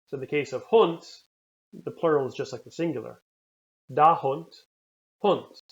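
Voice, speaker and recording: A man teaching a recorded language lesson, repeating words slowly and carefully for the learner. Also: mid-range voice, darkish tone, muffled recording. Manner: slow, careful pronunciation drills.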